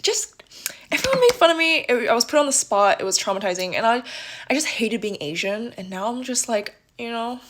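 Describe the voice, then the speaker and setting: A young woman from the United States, softly and reflectively telling a personal story in a casual vlog, with lots of filler words. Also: fairly high pitch, big pitch swings, a little fast, noisy background. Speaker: vlogger.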